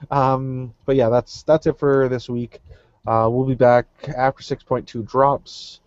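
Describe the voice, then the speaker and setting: Male podcast host, mid-pitch, loose casual sign-off, dry dull home recording. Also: unhurried, clean tone, no room sound. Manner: relaxed, filler-heavy sign-off. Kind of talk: casual chat.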